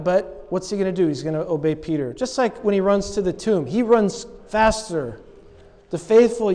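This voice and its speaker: Man preaching in an echoey hall. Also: sits high. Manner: animated storytelling, acts out quoted lines with humor. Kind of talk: sermon.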